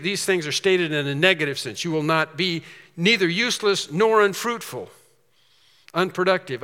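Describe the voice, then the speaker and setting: A man with a high, bright, forceful voice preaches an expository sermon. He poses questions and answers them himself with emphasis, and his words ring out in a hall with a long reverb. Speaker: pastor.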